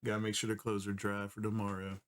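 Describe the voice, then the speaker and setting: A man's voice: fairly low pitch, monotone, fast. A man hosting a casual podcast chat, easygoing and slangy, laughing often. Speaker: podcast host.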